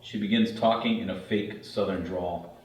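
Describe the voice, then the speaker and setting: A man's voice: sits low, fairly even intonation, moderate pace. A man narrating the scene directions of a script in a plain, matter-of-fact way. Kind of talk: script read-through narration. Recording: very echoey, distant, faint hiss.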